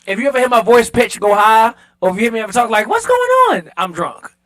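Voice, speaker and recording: A man's voice: high voice, fairly even intonation, fast talker, a bit bright. A man from Baltimore, a little drunk, talking earnestly on a podcast and repeating himself to hold the floor. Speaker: podcast guest, entrepreneur. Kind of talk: loose tipsy podcast chat.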